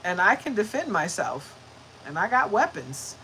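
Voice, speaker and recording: A woman's voice: medium pitch, big pitch swings, normal speed, sharp tone, slight background noise, low-quality recording. A woman hosting a spiritual reading livestream, talking casually and upbeat with frequent laughter and greeting viewers by name. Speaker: spiritual reader and livestream host.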